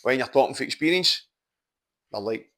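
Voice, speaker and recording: A Scottish man, a mindset coach, telling stories in casual podcast chat, animated and swearing freely. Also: mid-range voice, moderate pace. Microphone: podcast microphone.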